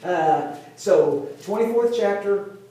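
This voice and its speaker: A male pastor preaching a conversational sermon, retelling a Bible story like a lively storyteller who keeps checking in with his listeners. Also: high-pitched, slow. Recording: very echoey room, voice from a distance.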